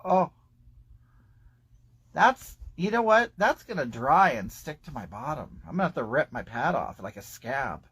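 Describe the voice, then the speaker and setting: A man's voice: fairly high pitch, very animated, measured pace, fairly bright tone, husky, no echo. Campy gossipy man in his fifties. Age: 50s. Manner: campy, gossipy, crude humor. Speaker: livestream host. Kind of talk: casual livestream chat reading viewer comments.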